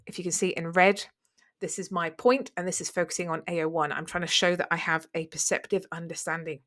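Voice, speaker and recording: A woman's voice: fairly low pitch, flat delivery, brisk, a bit bright. A woman teaching an exam revision lesson, explaining step by step in an encouraging way. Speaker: English teacher.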